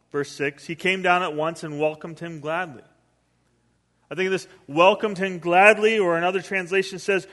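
Pastor guy preaching, kinda high voice, long hall echo, goes soft then loud telling stories. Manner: storytelling with acted quotes, animated swings in volume. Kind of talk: sermon.

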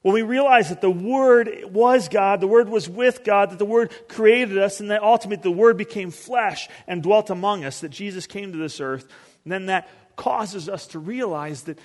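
A man's voice: sits high, moderate pace. A man giving a casual, conversational sermon as a pastor, rambling and acting out little scenes. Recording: long hall reverb.

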